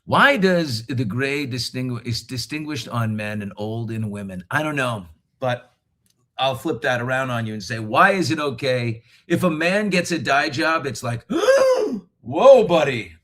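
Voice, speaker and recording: A middle-aged man chatting on a live video call from a hotel room, joking and often laughing. His voice is bright and forward, with a casual, animated delivery. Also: mid-range voice, moderate pace. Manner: jokey, animated, laughs a lot. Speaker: host. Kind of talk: casual live show chat.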